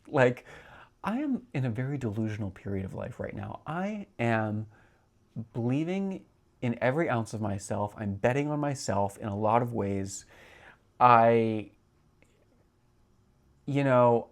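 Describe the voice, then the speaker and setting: Guy hosting a solo pod, gravelly kind of voice, rambly and chatty, middle pitch. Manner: chatty, rambling, lots of filler words. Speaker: podcast host. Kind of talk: solo podcast chat.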